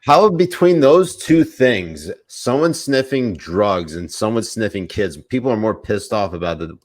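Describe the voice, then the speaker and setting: A young man with a very low voice co-hosts a political podcast. He mocks and jokes with a sarcastic, profane edge. The sound is close and dry, with no room in it. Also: no room sound. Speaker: podcast co-host.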